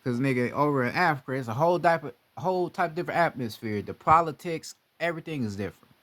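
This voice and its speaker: A young man talking in a casual monologue, profane and animated, often slipping into mocking voices of others. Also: fairly high pitch, fast talker.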